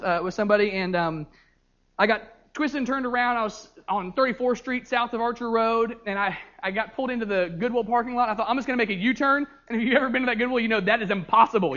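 A young male youth pastor, his voice high for a man, preaches a sermon with animated storytelling, frequently tripping over repeated words. The audio sounds dull and lo-fi.

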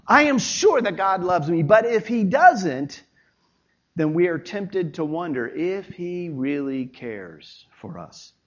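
A man delivers a sermon from the pulpit, his voice pitched a bit high and pushing hard on key words before falling quiet. The recording sounds dull and lo-fi. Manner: emphatic preaching, swinging between loud and quiet. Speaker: pastor.

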